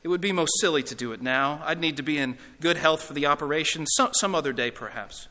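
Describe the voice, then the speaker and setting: A man's voice: a little high, fast, sharp tone. A man voicing a cowardly male ghost who whimpers, stammers and begs. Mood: pleading, panicked. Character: frightened whining male ghost, cowardly and pleading. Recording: reverberant hall.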